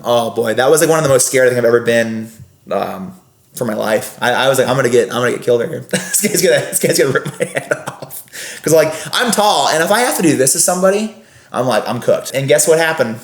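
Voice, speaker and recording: A young man tells animated, rambling stories as a podcast guest. His voice sits in a middle pitch, and the room around him adds a noticeable echo. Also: brisk. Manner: animated, rambling, many fillers. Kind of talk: casual storytelling. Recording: roomy echo.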